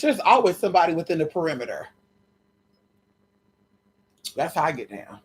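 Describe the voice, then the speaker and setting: Woman, casual storytelling vlog, sassy, profane, animated, plays both sides of arguments. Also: fairly low pitch, moderate pace, pauses often, breathy edge. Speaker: vlogger telling stories.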